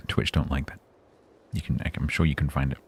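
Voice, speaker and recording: A man's voice: very deep voice, little pitch movement, fairly quick, slightly rough. A man streaming a game live, chatting casually in a rambling, self-mocking, joking way.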